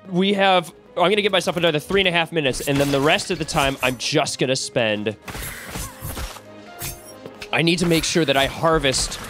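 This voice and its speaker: A woman playing a video game and commentating, excitable, swearing and shrieking. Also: medium pitch. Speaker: gamer. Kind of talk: let's play commentary. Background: game music.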